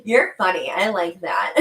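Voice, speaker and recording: A young woman with a faint Southern lilt chats loosely to a live-stream audience, rambling and laughing easily. Her voice sits in an ordinary middle pitch. The room around her adds a noticeable echo. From American South. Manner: chatty and rambling, laughing often, talking to her dog. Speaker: livestream host. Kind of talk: casual live-stream chat. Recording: roomy home recording.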